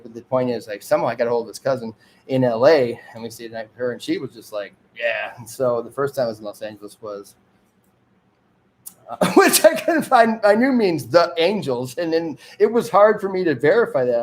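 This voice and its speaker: Talking quickly and with animation in a mid-range voice, this Detroit-area man from Michigan rambles through a casual monologue on his homemade magazine show. He drifts into digressions, chuckles often, and keeps trailing off and restarting.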